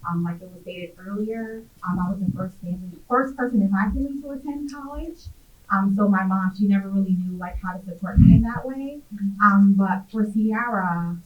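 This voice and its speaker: A middle-aged woman, a mother on a panel, tells a personal story in a heartfelt way with frequent ums and likes. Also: mid-range voice. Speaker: parent panelist. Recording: echoey, tinny, distant, faint hiss.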